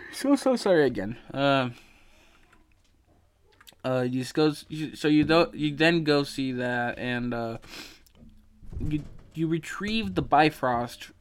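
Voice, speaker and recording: A man's voice: on the high side, big pitch swings, slow pace, pauses often, a little mellow, clear, resonant tone. A sleepy, yawning man hosting his podcast, casually recapping a video game's story in a rambling way, full of fillers and swearing. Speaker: podcast host.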